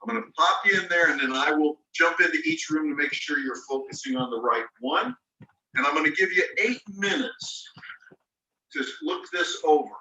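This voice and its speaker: Bright-toned teacher in a roomy room. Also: male voice, on the high side, moderate pace. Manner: patient, explains rules step by step and spells words letter by letter. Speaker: ESL teacher. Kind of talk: online class lecture. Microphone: video call microphone. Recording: roomy sound, mic at a distance.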